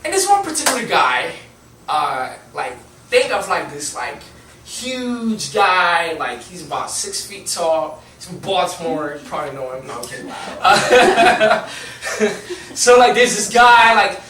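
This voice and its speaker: Young male preacher, animated storyteller, high voice, echoey hall, mic set at a distance. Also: measured pace, background noise. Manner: animated storytelling, laughing, lots of fillers. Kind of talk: sermon. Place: church hall.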